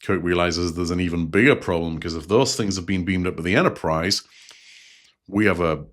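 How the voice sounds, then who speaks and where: A man with a fairly low voice talks through a TV episode as a show host. His recap is casual and chatty. He pauses now and then to reflect on what the story means. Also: a bit bright.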